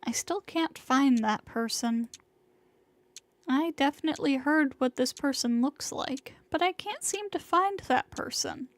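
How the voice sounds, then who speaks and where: A woman streamer reading a visual novel aloud in a dramatic, hushed way, sometimes sinking into whispers. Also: high voice. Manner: slow and hushed, sinking into whispers in tense passages.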